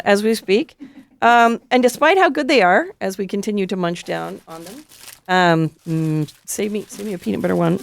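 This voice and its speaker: A woman's voice: medium pitch, creaky, no echo. A woman hosting a radio show in a studio, talking in a playful, chatty, upbeat way. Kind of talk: casual on-air interview.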